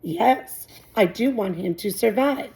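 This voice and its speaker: A woman's voice: a little high, lively intonation, slow, vocal fry, warm tone, exaggerated voice, low-quality recording. A woman reading aloud, voicing a large friendly female robot who speaks in a polite, formal, cheerful way.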